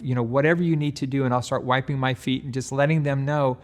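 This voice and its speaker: A middle-aged man, a sales trainer, giving a relaxed training talk and acting out doorstep conversations with customers. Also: medium pitch, fairly quick, hardly any pauses. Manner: relaxed, acts out doorstep dialogue.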